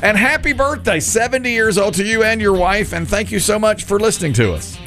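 A man's voice: high-pitched, expressive, brisk, over music. A man in his forties hosting a radio show, chatting casually with a caller and joking often. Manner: jokey, laughs often. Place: radio studio.

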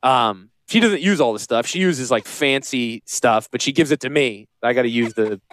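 A man's voice: mid-range voice, animated, normal speed, a bit bright, no echo. A middle-aged man from Connecticut hosting a radio show, joking and rambling in casual talk. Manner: joking, rambling, self-deprecating. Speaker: radio show host and financial advisor.

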